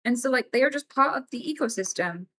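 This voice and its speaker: A woman's voice: on the high side, quick pace. A woman live-streaming from home, telling a casual story to her chat in an emphatic way, with plenty of swearing. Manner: emphatic and swearing, animated as she tells a story.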